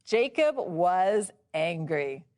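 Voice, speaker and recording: A woman in her thirties teaching a casual Bible study, chatty and expressive, laughing often as she explains the passage. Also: lowish voice, extremely slow.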